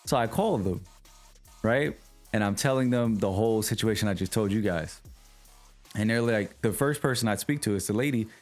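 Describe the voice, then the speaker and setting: A man's voice: lowish voice, moderate pace, soft background music. A young man hosting a livestream, telling his chat a long, exasperated story and voicing the people in it. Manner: animated, exasperated retelling with voiced quotes. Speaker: livestream host.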